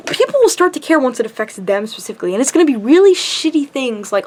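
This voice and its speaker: High-voiced young woman, impassioned rant. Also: very animated, a little fast, fairly bright tone. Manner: frustrated, impassioned, heavy swearing. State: tired late at night. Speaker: vlogger. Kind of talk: ranting to camera.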